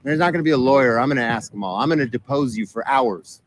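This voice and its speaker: A man's voice: medium pitch, fast, slight background noise. A man in a played clip confronting police officers, lecturing and needling them.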